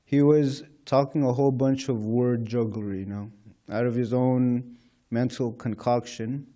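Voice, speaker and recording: A man's voice: medium pitch, fairly even intonation, a little slow, warm tone. A man giving an informal scripture class at a temple, talking conversationally with frequent "you know" and chuckles. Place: temple lecture hall.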